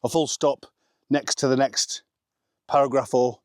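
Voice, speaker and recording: A man's voice: mid-range voice, steady tone, measured pace, no echo. A man vlogging casually outdoors on a rural smallholding, rambling and self-deprecating, with lots of "um" and "anyway" fillers. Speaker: vlogger sharing family life abroad. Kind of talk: casual chatty vlog.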